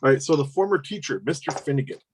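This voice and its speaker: A man preparing a tabletop game as game master, talking casually and halting as he thinks aloud. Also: medium pitch, darkish tone, a little hiss or hum. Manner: halting, repeats words while thinking. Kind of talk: casual game prep chat.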